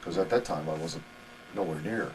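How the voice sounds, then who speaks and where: Guest man, lowish voice, lively storyteller in a shoot interview, noisy hiss underneath. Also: moderate pace. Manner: animated, laughing anecdotal storytelling.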